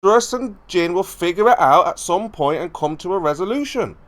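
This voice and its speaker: High-voiced man lecturing the moderator. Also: expressive, normal speed, fairly bright tone. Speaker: debate panelist. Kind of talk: heated online debate.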